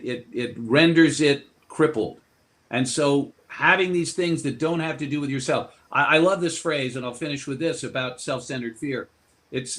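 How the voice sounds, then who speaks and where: A man's voice: mid-range voice, fairly bright tone. Expansive storytelling male guest. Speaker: guest author. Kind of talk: interview storytelling.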